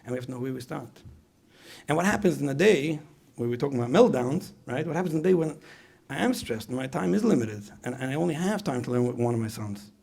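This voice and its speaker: Gravelly fast-talking male lecturer. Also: mid-range voice, expressive, darkish tone. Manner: repeats phrases, asks the audience questions. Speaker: speaker at a parenting retreat. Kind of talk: conversational lecture.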